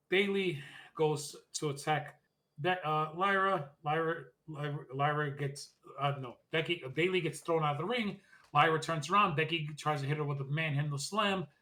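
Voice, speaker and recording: Podcast co-host, male, bright forceful voice, rambling casual wrestling recap. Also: fairly high pitch. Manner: rambling recap, quick asides, mock-quotes wrestlers.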